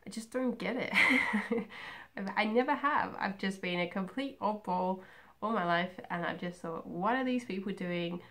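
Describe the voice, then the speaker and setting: A young woman chatting casually and rambling about herself in a home video, with many pauses and "um"s. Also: mid-range voice, sharp tone. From Australia. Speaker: craft vlogger. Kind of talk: casual personal chat.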